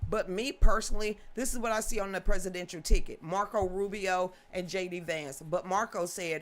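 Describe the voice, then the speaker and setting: Animated woman livestream host in her fifties. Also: medium pitch, moderate pace. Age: 50s. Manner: animated, folksy, swears freely, laughs often. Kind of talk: casual livestream commentary.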